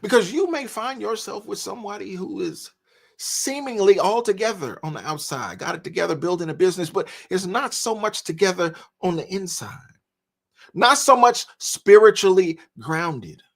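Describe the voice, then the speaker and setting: A man's voice: high-pitched, expressive, normal speed. A man hosting a live stream, reacting to a video and talking to viewers in a casual, preachy way, stopping now and then to laugh. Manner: conversational, preachy asides, laughs between points. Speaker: commentary live-stream host.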